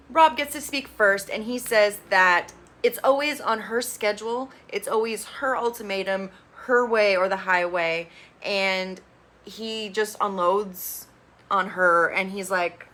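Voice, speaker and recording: A woman recapping a reality show in a casual, blunt and expressive way, swearing freely. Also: medium pitch, measured pace. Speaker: TV reviewer.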